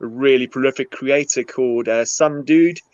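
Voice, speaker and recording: A man joining a casual online chat as a guest, quick and eager, talking over a video call. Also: mid-range voice, darkish tone, dry recording. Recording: dull, dry video-call audio.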